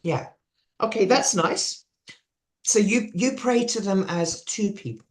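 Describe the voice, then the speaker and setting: A preacher with an English accent gives a chatty devotional talk, sharing stories and asking the audience questions. His voice sits high and his pace is slow.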